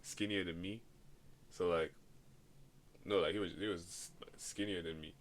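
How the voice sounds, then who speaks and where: A young man co-hosting a podcast, telling stories excitably and filling his talk with "bro" and "like". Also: deep voice, unhurried. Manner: excitable storyteller, says "bro" and "like" a lot. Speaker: podcast co-host. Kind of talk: casual chat.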